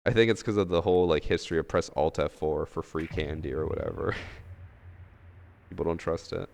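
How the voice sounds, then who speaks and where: A man's voice: a bass voice, brisk, creaky, a little mellow. A man streaming games live, talking in a laid-back, rambling way full of fillers. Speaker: game streamer. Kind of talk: casual live-stream chat. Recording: long room reverb.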